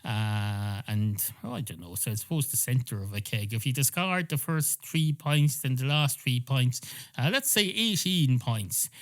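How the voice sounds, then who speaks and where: A man's voice: medium pitch, animated, a little slow, a bit bright. Irish guy doing a chatty barman, rambly, lots of uhs, swears a bit, normal mid voice. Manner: rambling, hesitant, swears casually. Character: talkative middle-aged male barman.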